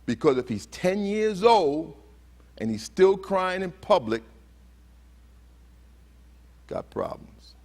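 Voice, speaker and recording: A man's voice: high-pitched, sing-song, measured pace, a little mellow. A man giving a motivational talk at a conference. He asks the audience questions and acts out heated quotes. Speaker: conference speaker. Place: conference hall.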